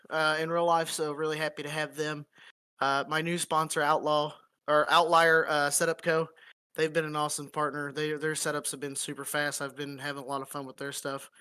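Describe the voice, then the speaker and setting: A man fresh from winning a sim race speaks in a slightly high, bright voice that stays flat and even in pitch. He thanks sponsors and fans earnestly, halting often on fillers, heard through a headset in an online post-race chat. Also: clear, resonant tone.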